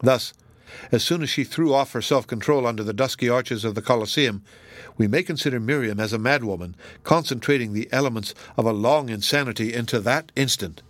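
A man narrating a classic novel in a measured, formal reading. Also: mid-range voice, a bit bright, no room sound.

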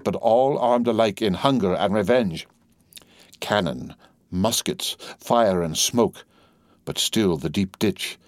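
A man reads a classic novel aloud in a low voice, letting the rhythm build with steady intensity. The recording is dry, with no room sound. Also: no echo. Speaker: audiobook narrator. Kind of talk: dramatic literary reading.

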